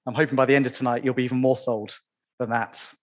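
A man preaching a sermon in church, stressing key phrases slowly and asking the congregation rhetorical questions. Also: medium pitch, flat delivery.

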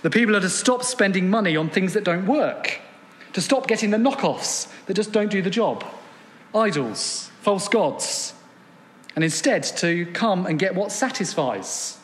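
A man's voice: high voice, expressive, a little slow, fairly bright tone. A man preaching an evening sermon, earnest, reading scripture aloud and asking rhetorical questions. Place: church gathering room. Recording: long hall reverb.

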